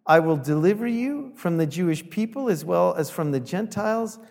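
A man preaching a sermon as pastor, lively and acting out the people he quotes with rising volume. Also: high voice, normal speed, creaky, big-room sound. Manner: animated, acts out quoted voices with rising volume.

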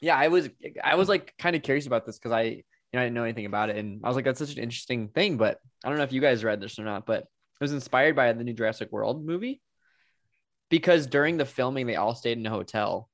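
A man chatting casually about a movie, relaxed and rambling, with lots of filler words. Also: mid-range voice, fast, no echo, clean studio sound. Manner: relaxed, heavy use of "like", rambling.

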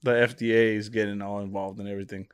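A man's voice: on the low side, little pitch movement, quick pace, clear, resonant tone. A young man co-hosting a podcast, joking and teasing in casual chat. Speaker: podcast co-host.

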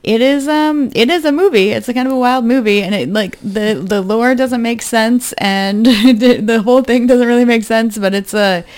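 A woman's voice: a little high, moderate pace, hardly any pauses, a little mellow, clear, resonant tone. A woman co-hosting a podcast in casual chat, rambling with lots of fillers and casual swearing.

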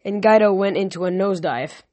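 A male amateur reader reads a novel chapter aloud at an even pace. He often stumbles, restarts and corrects himself. The close mic gives a dry, roomless sound. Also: high-pitched, fairly quick, dry recording. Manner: unpolished read with frequent restarts and self-corrections. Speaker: audiobook reader.

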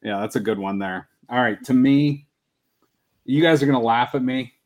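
A man's voice: mid-range voice, normal speed, a little mellow. A man hosting a casual podcast movie draft, talking enthusiastically and laughing as he goes.

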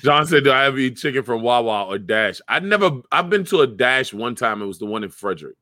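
A young man in casual chat, telling stories loudly with slang and lots of swearing. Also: medium pitch, fast talker, dry recording, studio quality. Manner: loud, profane, animated storytelling with slang.

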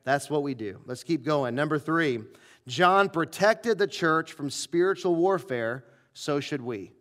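A male preacher telling a personal story in a revival sermon, acting out the dialogue with lively shifts of voice. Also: on the high side, unhurried. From southern United States.

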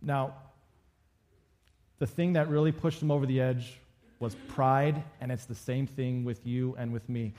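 A man's voice: medium pitch, steady tone, unhurried, pauses often, warm tone. A male pastor giving a conversational sermon and acting out quoted lines from the story.

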